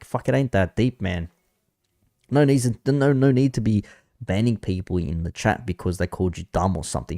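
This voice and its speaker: A laid-back male streamer with a fairly low voice who rambles on and swears freely. His voice is close and dry on the mic, with no room sound around it. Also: a little mellow, no room sound. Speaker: commentary streamer. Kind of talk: casual live-stream commentary.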